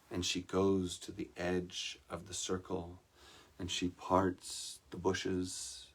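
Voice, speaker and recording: A man telling a dramatic story to an online congregation, often pausing to ask the audience questions. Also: low-pitched. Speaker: spiritual teacher.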